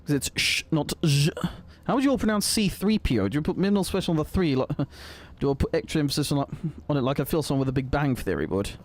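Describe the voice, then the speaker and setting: Guy streamer chatting over gameplay, yelps whoa a lot, bouncy voice, a bit higher. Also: racing, few pauses. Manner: excitable, exclaims at game events, laughs often. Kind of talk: live gameplay commentary chatting with viewers.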